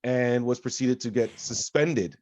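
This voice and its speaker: Man, podcast co-host, animated storyteller, dry dull mic. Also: mid-range voice, unhurried, dry recording. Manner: animated storyteller, loud and profane when reenacting. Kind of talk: casual podcast chat.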